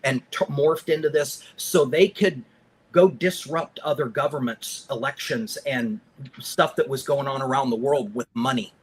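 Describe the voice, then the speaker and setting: A man's voice: medium pitch, measured pace, slightly rough. A man co-hosting a casual political podcast, speaking emphatically and jumping in eagerly. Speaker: podcast co-host.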